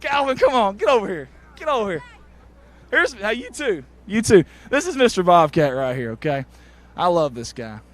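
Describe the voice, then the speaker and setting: A man, reporting from the sideline of a football field after a game and interviewing people with eager, warm praise. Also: sits high, normal speed. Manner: excited, warm toward players, repeats "I'm gonna tell you something".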